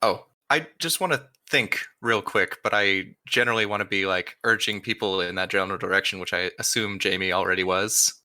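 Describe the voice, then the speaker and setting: A man's voice: sits low, brisk, few pauses, pushed and bright. A man playing in a tabletop game, joking and wry. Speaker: player. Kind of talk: tabletop role-play chat.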